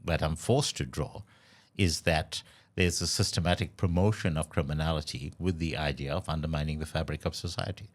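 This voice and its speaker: A man with a very deep, low voice, co-hosting a political podcast. He argues in a measured, formal way, building each point deliberately. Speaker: podcast co-host. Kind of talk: casual political discussion.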